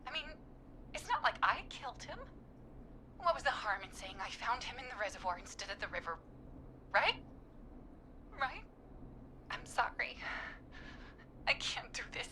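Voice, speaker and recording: A woman's voice: a little high, sing-song, normal speed, long pauses, pushed and bright, slight background noise. An actress voicing an anxious, guilt-ridden woman who owns a studio, in a video game. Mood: nervous. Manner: hesitant, anxious.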